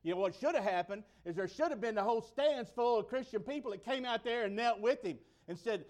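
A man preaching a sermon in a conversational way, building to loud emphatic peaks and then dropping low and slow. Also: expressive.

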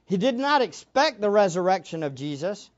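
A woman teaching a Bible lesson as a sermon, emphatic and animated, acting out the quotes she reads. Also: medium pitch, moderate pace, lo-fi sound.

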